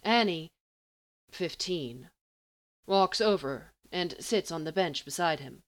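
A woman reading a story aloud in a measured, even way. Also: sits low. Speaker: narrator.

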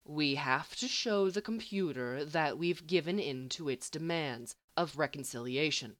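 A woman voicing a stoic, dry-witted grown male scientist who speaks slowly and deliberately. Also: sits low. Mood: deadpan. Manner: calm, slow and deliberate.

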